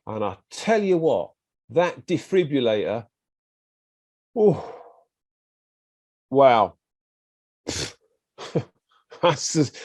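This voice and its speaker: British man, storytelling, dry close recording, mid-pitched, animated retelling. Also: no echo. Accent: British English. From Britain. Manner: vivid retelling with acted quotes, animated bursts. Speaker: guest. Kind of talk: conversational storytelling interview.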